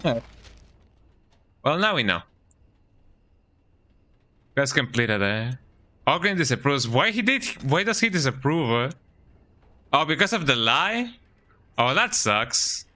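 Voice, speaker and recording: Bright, chatty game streamer man. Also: mid-range voice, very animated, slow pace, pauses often. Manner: chatty, reacts as he goes, tags lines with "eh?". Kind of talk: casual gameplay commentary. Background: game music.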